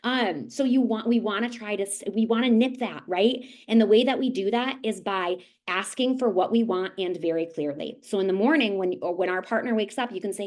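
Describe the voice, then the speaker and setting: A woman in her thirties giving an online presentation in a friendly, chatty way. She keeps tagging her points with quick questions to the audience. Her pitch sits in an ordinary middle range. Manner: conversational, with frequent "right?" tags and animated acted-out asides. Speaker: nurse and lactation consultant presenter. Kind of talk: webinar presentation.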